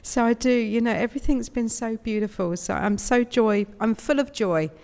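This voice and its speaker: A woman's voice: fairly high pitch, moderate pace, creaky, darkish tone. A British woman, around fifty, giving a chatty, emotional inspirational talk as a guest speaker, laughing often. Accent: British English. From United Kingdom. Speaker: guest speaker at a spiritualist service. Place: large hall, indoors. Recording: long hall reverb, live room.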